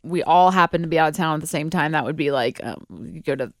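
A young adult woman co-hosting a podcast in casual chat, gushing and quick to exclaim. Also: low voice, no room sound, clean studio sound. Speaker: podcast co-host.

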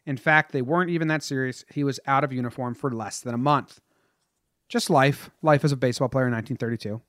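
A man's voice: medium pitch, fast talker, fairly bright tone, no room sound. Man telling a story, dry mic. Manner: reads a prepared story, then chats and laughs with his co-host. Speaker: podcast co-host telling a history story. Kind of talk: casual podcast storytelling.

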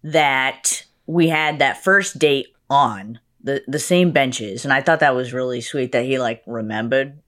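A young woman with a low voice, telling a story in a relaxed chat. She acts out other people's lines and swings her pitch up high for them. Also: measured pace, hardly any pauses. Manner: animated, acts out quotes with big pitch jumps. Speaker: guest.

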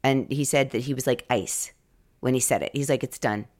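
This woman co-hosts a podcast, spinning stories in a playful, joking manner during casual chat. Her voice is bass and darkish in tone, and she talks briskly.

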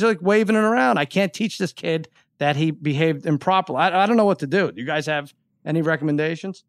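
A middle-aged man tells a story with animated exasperation, his voice sitting a little high. The mic is close and dry, with no room sound at all. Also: dry recording. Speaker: podcast co-host. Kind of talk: casual chat.

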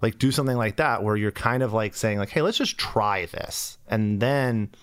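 A man's voice: on the low side, moderate pace, clean tone, no room sound, studio quality. A man guest on a podcast, talking casually in a rambling way with lots of fillers. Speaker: guest, sex toy company executive.

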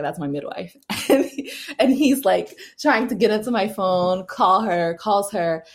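A woman's voice: medium pitch, moderate pace. A young adult woman telling a personal story casually, with frequent laughs, fillers and restarts. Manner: chatty, laughing often, many fillers and restarts. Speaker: mother telling her birth story.

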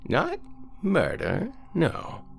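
A man doing a frail old man with a raspy, quavering voice, haunted and nervous. He speaks slowly and pleadingly, his pitch lifting high and swooping about, with a creaky grain underneath. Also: huge pitch swings, a little hiss or hum, full character voice. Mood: hushed. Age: older. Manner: slow, pleading, quavering delivery.

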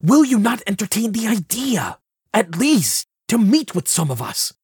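A man's voice: high-pitched, big pitch swings, a little slow, darkish tone, breathy edge, no room sound, studio quality, voice pushed up, exaggerated voice. A man voicing an impassioned male envoy who pleads and then raises his voice in fervent speech, in a tabletop game. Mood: persuasive. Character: impassioned male envoy, persuasive, grows loud.

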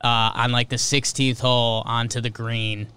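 Smooth-voiced man hosting a casual podcast. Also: medium pitch, little pitch movement, pushed and bright. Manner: rattles off scores in quick clipped bursts. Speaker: podcast host. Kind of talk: casual sports podcast chat.

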